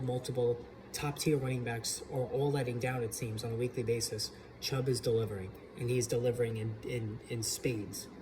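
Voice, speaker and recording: A man's voice: medium pitch, background noise. A man hosting his own channel, giving casual opinionated fantasy football commentary alone at his computer, with plenty of restarts. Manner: opinionated, frequent restarts and fillers. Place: home computer setup.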